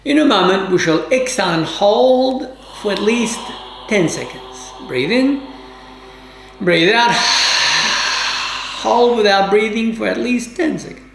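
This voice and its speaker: A woman yoga teacher giving calm, measured instructions with formal, old-fashioned phrasing during a guided class. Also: mid-range voice, background noise. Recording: roomy, echoey room.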